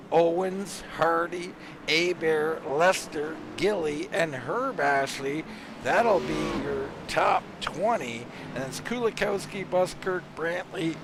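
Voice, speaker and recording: A man calling a live sim race play-by-play, energetic and rattling off driver names quickly. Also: a little high, gravelly, a little hiss or hum. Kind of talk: live sim racing commentary.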